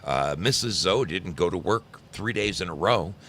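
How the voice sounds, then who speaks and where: A man's voice: deep voice, animated, normal speed, a bit bright, slight background noise. A man in his sixties from New Jersey, hosting a livestream and chatting casually with viewers, teasing and rambling through stories. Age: 60s. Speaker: livestream host. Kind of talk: casual chat with live chat viewers.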